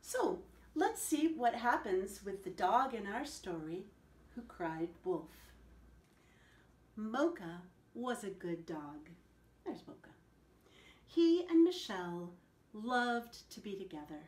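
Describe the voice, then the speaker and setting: A woman telling a picture-book story to children, animated and asking them questions along the way. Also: medium pitch, slow. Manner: animated, asks the listeners questions. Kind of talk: picture-book read-aloud. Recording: echoey room.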